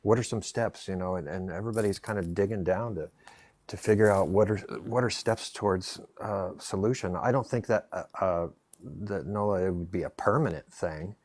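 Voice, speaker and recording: A man's voice: sits low, normal speed, a little mellow. A man speaking as a guest on a live online panel, hesitant and full of restarts. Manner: hesitant, many fillers and restarts. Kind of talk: casual live-stream discussion.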